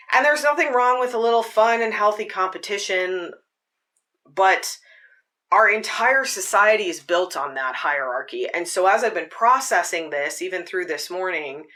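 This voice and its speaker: Woman host, bright, earnest spiritual monologue, conversational with frequent "like"s. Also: medium pitch. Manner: earnest, rambling, with filler "like". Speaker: podcast host.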